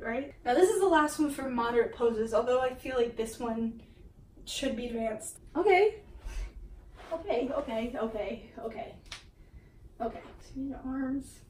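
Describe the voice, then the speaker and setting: A woman's voice: high-pitched, a little mellow. A woman vlogging casually from her mom's bedroom, giggling and poking fun at herself, often out of breath, heard from a camera set back across the room. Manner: giggly, self-mocking, laughs often. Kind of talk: casual vlog. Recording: roomy, distant, faint hiss.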